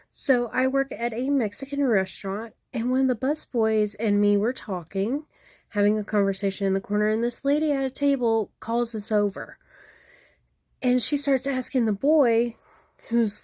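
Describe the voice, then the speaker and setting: A woman who works at a restaurant, telling a story from work in a casual, animated way with laughs. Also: fairly high pitch, no echo, studio quality. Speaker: restaurant worker.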